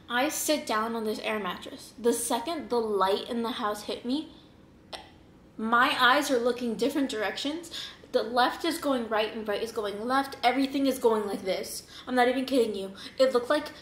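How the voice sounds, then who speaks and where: Young woman, eating-show host, animated storyteller, higher voice, roomy echo. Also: a little hiss or hum. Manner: animated, rambling, laughs often, acts out quotes. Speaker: mukbang host. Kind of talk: casual storytelling. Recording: roomy echoing room.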